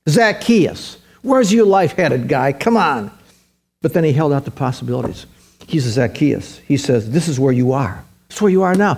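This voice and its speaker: A male pastor preaching an animated sermon, acting out the voices of biblical figures as he retells their stories. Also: a little high, normal speed. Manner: animated preaching, voicing biblical characters in quotes.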